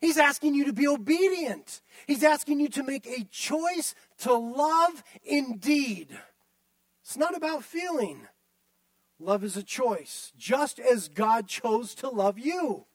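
A man's voice: very high-pitched, expressive, takes it slowly, dry recording. A male pastor delivering a sermon, emphatic and repetitive, often turning to the listeners directly.

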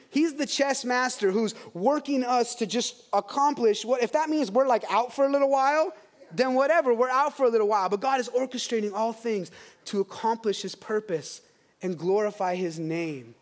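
A man's voice: very high voice, moderate pace. A man in his thirties preaching a sermon, telling stories with energy and acting out the voices of people in them. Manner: animated storytelling, acts out quoted voices. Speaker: pastor.

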